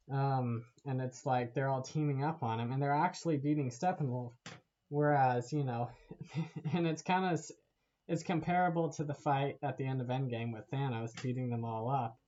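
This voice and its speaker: Rambling, laughing man, slightly high voice. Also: darkish tone, lo-fi sound. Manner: rambling, laughs often, swears. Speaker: vlogger. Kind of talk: casual movie rant to camera.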